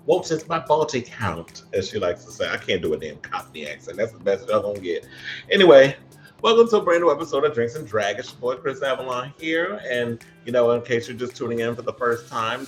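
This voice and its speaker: A man hosting a casual pop culture panel show, sassy and playful with casual swearing. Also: medium pitch. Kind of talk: casual chat.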